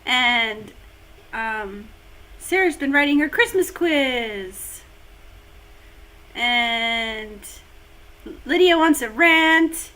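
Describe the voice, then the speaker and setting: A woman's voice: on the high side, animated, drawn-out words, long pauses, bright, forceful tone. A woman hosting a casual live-stream chat, playful and teasing with her co-host.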